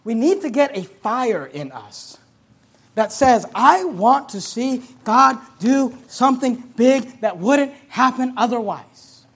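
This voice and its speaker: A male pastor preaching a sermon, reading scripture aloud and building to shouted emphasis. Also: extremely high pitch, sing-song, takes it slowly, breathy edge. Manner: reads scripture in King James English.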